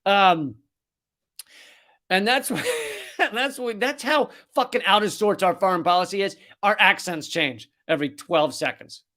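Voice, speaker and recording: A man's voice: high-pitched, expressive, unhurried, sharp tone. A man hosting a comedic political rant, sarcastic and profane. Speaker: host.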